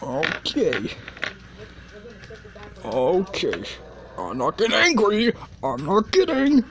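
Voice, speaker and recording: A performer voicing a hot-tempered cartoonish gamer who keeps rising from forced calm into shrieking fits of rage at a hard game. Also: medium pitch, slow pace, full character voice. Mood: frustrated. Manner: swings between forced calm and shrieking outbursts.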